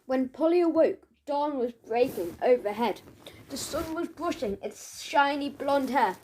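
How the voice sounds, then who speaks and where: A woman narrating a children's audiobook in a playful, expressive storytelling manner. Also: high voice, measured pace, a little hiss or hum. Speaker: audiobook reader.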